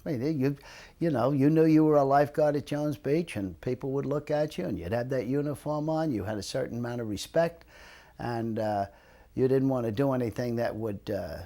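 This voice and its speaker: A man's voice: mid-range voice, a little fast. Older New man telling stories. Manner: animated storyteller, acts out quoted voices. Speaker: retired lifeguard interviewee. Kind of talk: storytelling reminiscence.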